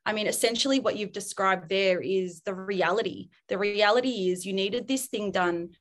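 A woman's voice: medium pitch, normal speed. A woman, a parenting expert talking casually about raising children and acting out scenes. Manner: animated, acts out children and parents in quotes. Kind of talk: casual podcast chat.

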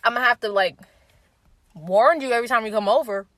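A woman's voice: on the high side, fairly quick, dry recording. A woman in her twenties speaking casually and candidly, swearing freely and acting out quoted remarks as she tells stories. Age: 20s. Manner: candid, profane, animated storytelling with quoted voices. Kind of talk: casual opinion talk.

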